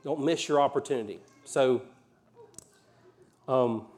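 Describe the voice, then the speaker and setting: A pastor from Alabama with a mild Southern accent, preaching a conversational sermon with folksy asides and rising emphasis. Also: male voice, medium pitch, slow, darkish tone.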